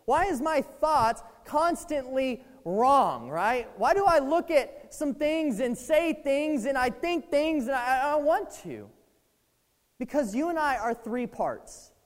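A preacher delivers a sermon in a chatty, talk-to-you style, checking in with the listeners again and again. The pitch swings widely as the preacher acts out quoted thoughts. The voice carries a long reverb from a large hall. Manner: conversational, keeps asking "right?".

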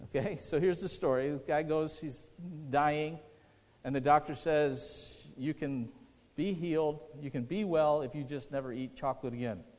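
In a church sanctuary full of long reverb, a man delivers a sermon at a moderate pace. His voice sits on the high side with a darkish tone. This pastor talks conversationally and keeps asking his congregation questions.

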